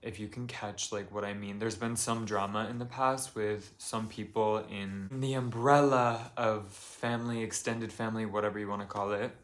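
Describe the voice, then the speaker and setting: A young man from the United States speaks in a calm, fairly low voice, recording a confessional vlog in his apartment. He rambles softly, piling up fillers as he talks things through. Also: moderate pace, few pauses. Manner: calm, soft-spoken, rambling with many fillers. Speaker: vlogger.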